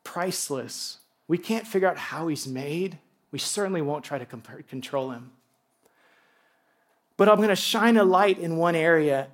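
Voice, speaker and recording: A man preaching a sermon to a congregation, animated and excitable, dropping from loud bursts to hushed tones. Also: on the high side, normal speed. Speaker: pastor.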